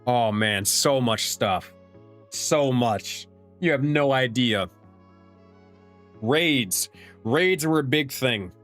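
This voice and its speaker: This young streamer and game master talks extremely slowly with frequent pauses, his medium-pitched voice expressive and a bit bright over soft background music. Answering chat in a casual livestream Q&A, he rambles, restarts, and swears offhandedly.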